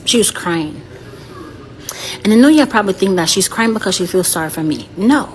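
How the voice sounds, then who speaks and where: A woman's voice: mid-range voice, lively intonation, fairly quick, a little hiss or hum. A woman telling a personal story in an earnest, confiding way.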